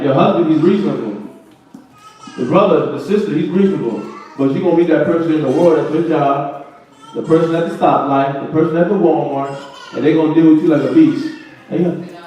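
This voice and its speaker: Man, Bible class teacher, mellow voice, casual preaching, distant mic, very echoey room. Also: a little high, slight background noise. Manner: conversational preaching with slang and acted-out quotes. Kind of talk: Bible lesson, explaining scripture verse by verse.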